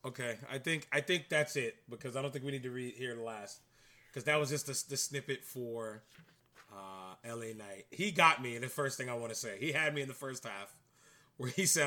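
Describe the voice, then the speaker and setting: Bright-voiced male podcast co-host. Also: medium pitch, a little fast. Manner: polite interjections, apologizes for cutting in. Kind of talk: casual chat.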